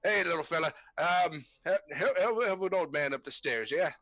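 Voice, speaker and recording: A man's voice: fairly high pitch, lively intonation, moderate pace, sharp tone, no room sound, voice pushed up, full character voice. A man voicing a cranky, indignant old man who owns the train and waves a cane around. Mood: wheedling. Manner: gruff, indignant, sexist.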